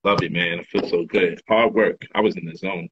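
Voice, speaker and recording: A man talks straight to his livestream viewers, hammering his points through repetition and street slang. His voice is fairly low and husky. The stream audio is dull and lo-fi. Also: fairly even intonation, moderate pace. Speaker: livestream host and author. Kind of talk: casual livestream monologue.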